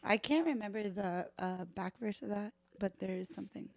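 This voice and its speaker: A woman in her thirties, a bartender guest on a podcast, telling stories in a lively, profane way with frequent laughter. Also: medium pitch, normal speed, gravelly. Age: 30s. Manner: animated, profane, laughs often, acts out voices in anecdotes. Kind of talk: casual podcast storytelling. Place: podcast live stream room.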